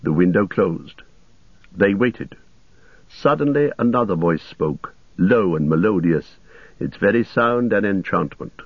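A male narrator reads a fantasy story in a measured, even manner. His voice is low and dry, and the recording sounds dull and lo-fi. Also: breathy edge, no echo. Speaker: audiobook narrator. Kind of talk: scripted narration.

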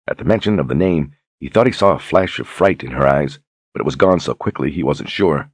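A man narrating an audiobook in a measured, even storytelling delivery. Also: rumbling low, slightly rough, dry recording. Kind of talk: scripted narration.

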